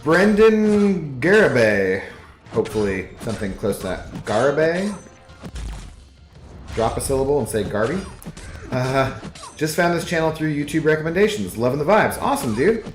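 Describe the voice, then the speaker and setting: A man's voice: medium pitch, very animated, moderate pace, long pauses. Laid-back man streaming in a roomy room. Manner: laid-back, rambling, reads chat aloud. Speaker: game streamer. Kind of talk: casual live-stream chat while gaming. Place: apartment living room. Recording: roomy echo with faint music.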